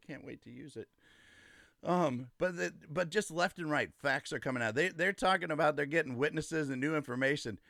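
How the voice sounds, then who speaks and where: A man's voice: a little high, fairly quick, vocal fry, a bit bright, no echo, studio quality. A man hosting a casual livestream, ranting emphatically and gloating, repeating his points. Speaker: livestream host. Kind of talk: casual political livestream rant.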